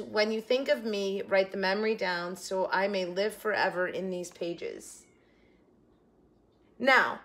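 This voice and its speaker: An older woman talking through a crafting tutorial in a middle-pitched voice. She is chatty and tender, holding back tears as she goes. Her voice often drops into quiet, trailing asides. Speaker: craft vlogger.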